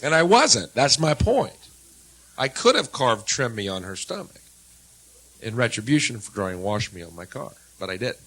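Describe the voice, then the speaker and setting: A man from the United States doing a sardonic stand-up set, swinging from low mutters to loud jabs on a handheld stage mic. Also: sing-song, moderate pace, husky. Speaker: stand-up comedian.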